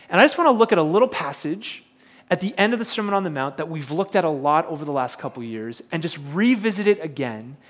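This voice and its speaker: A man preaches and tells a story with lots of energy, now and then putting questions to the crowd. His voice sits fairly high for a man. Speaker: pastor. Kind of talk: sermon with a personal story.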